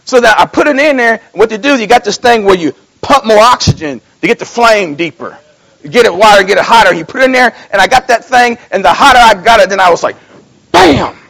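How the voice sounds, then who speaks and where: A man preaching a sermon as pastor, telling homespun stories, dropping low and then rising into loud calls to the congregation. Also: quick pace, creaky, low-quality recording. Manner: folksy storytelling, swings from low mumbling to loud exhortation; repeats and restarts phrases.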